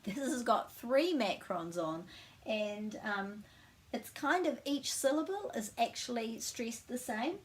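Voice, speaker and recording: A woman with a New Zealand accent giving a casual language lesson, friendly and slowing down to model each word. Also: on the high side, animated. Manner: friendly, slows down to model pronunciation. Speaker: language teacher.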